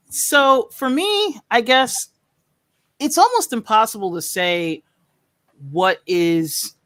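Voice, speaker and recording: A woman's voice: on the low side, no echo, studio quality. A woman in a casual panel discussion, speaking frankly with hesitant starts and laughter.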